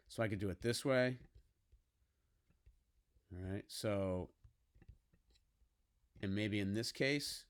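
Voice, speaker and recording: A man's voice: on the low side, clear, resonant tone. A man teaching a typography class activity, talking casually and checking in with "okay?" as he works through an example on screen. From United States. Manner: casual, coaxing, frequent "okay?" check-ins. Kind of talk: screen-recorded classroom tutorial.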